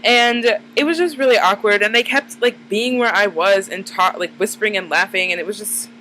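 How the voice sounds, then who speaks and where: A woman's voice: mid-range voice, moderate pace, pushed and bright, a little hiss or hum, rough recording. A woman in her twenties, chatting casually to camera, rambling and full of "like" fillers. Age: 20s. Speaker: vlogger. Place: dim room at night.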